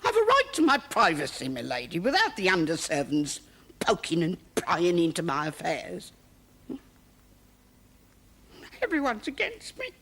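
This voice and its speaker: An actress playing a strict middle-aged cook in a great house, speaking in a husky, halting voice. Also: female voice, lowish voice, wildly swooping pitch, a bit bright, heavily acted. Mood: defiant. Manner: defensive then grieving, broken speech. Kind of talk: period television drama.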